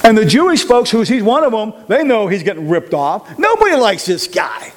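A man teaching a Bible study as an interactive sermon, animated, asking the group questions and repeating phrases for emphasis. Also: high-pitched, moderate pace.

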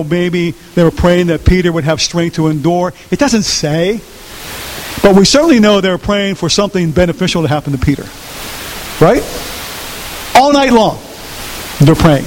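A male pastor preaching a sermon in an animated way, repeating phrases and asking his listeners questions, in a reverberant hall with faint hiss. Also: high-pitched. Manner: animated, repetitive, asks the audience questions.

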